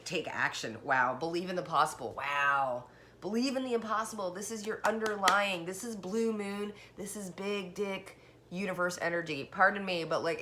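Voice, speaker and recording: A woman giving a casual tarot reading, chatty and excited, talking straight to the viewer and a little out of breath. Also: on the low side, a little hiss or hum. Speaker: tarot card reader.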